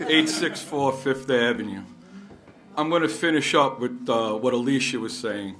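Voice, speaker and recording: Bright-voiced New man challenging a council. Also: medium pitch, a little slow. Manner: pointed and questioning. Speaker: resident representing the rec commission. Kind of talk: public meeting comment. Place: council meeting room.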